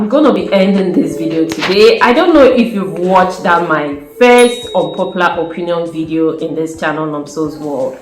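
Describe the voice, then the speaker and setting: A young woman with a Nigerian accent tells a story in a vlog, emphatic and animated. Her voice sits somewhat low for a woman. The sound carries the echo of a bare room. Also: a little hiss or hum. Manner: animated, emphatic storytelling, rising to indignant outbursts. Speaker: vlogger. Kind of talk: casual opinion vlog. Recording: echoey room.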